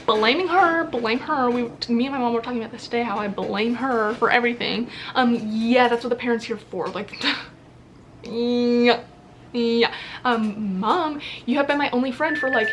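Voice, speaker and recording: A woman's voice: on the high side, normal speed, background noise. An American woman in her early twenties chatting to camera at home, rambling and candid, packing her talk with fillers and the odd swear. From United States. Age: early 20s. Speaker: vlogger. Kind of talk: casual chat to camera.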